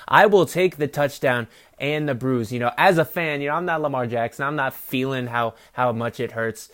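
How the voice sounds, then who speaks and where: A man's voice: mid-range voice, a little fast, few pauses, a bit bright. A man hosting a sports podcast, rambling casually and swearing freely while he gives his opinions, recorded on a phone. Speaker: podcast host.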